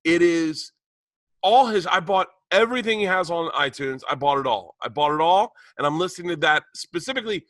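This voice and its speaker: A man in his forties, a podcast co-host excitedly rambling through a story in casual chat. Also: fairly high pitch, a little fast, dry recording. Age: 40s.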